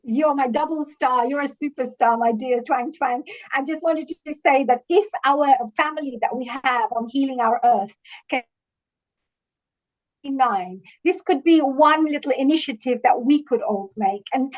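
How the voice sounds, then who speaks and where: High-voiced woman with dull lo-fi sound. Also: a little slow. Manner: affectionate, praises others with pet names. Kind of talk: casual online event talk. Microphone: video call.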